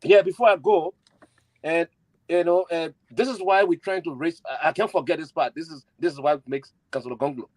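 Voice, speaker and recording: A man making an impassioned fundraising appeal, repeating himself and spelling out letters slowly. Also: fairly high pitch, a little mellow, no room sound, rough recording. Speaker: campaign supporter and fundraiser.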